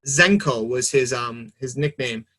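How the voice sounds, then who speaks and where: A young man talking casually on a podcast, animated and rambling, swearing freely. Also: mid-range voice, measured pace. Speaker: podcast guest. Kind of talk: casual chat.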